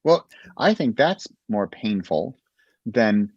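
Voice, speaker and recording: A man's voice: on the low side, very animated, slow pace, a little mellow, slightly rough, dry recording, lo-fi sound. A man who is a guest on a podcast, talking casually and animatedly about writing, often laughing and acting out little conversations.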